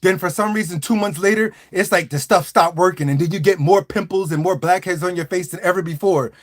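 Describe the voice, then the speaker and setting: A man on a live stream, joking and ranting straight to his chat in an animated, playful way. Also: high-pitched, a little fast. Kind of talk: comic stream rant.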